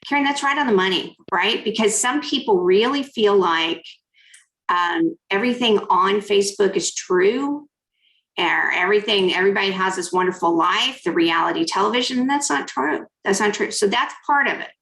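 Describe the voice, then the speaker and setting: A woman's voice: medium pitch, normal speed, fairly bright tone, roomy sound, poor audio. A woman giving an interactive keynote on negotiation, coaching her audience through hand exercises and reading out their typed comments. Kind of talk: interactive online workshop talk.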